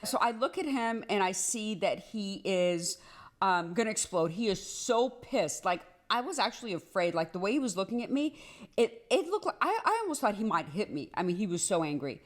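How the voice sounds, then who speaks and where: Woman, mid-pitch, casual storytime narrator, animated and rambling with fillers. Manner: animated, rushed, repeats herself with many "like"s.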